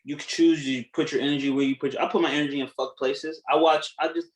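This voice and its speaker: A man co-hosting a podcast, chatting casually, animated and profane, laughing as he tells stories. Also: fairly high pitch, fast talker, reverberant, poor audio. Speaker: podcast co-host. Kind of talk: casual chat.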